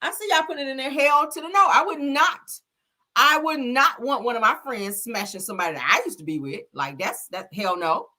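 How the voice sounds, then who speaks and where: Here a woman with a high voice chats fairly quickly as a live-stream gossip host, responding to what viewers write. She comes across animated and sassy, slinging slang and laughing a lot.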